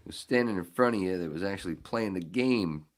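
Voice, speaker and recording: A man hosting a podcast, telling a story casually with lots of swearing and acting out his own shouting. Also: sits low, a little fast. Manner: profane, animated, acts out his own shouting. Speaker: podcast host.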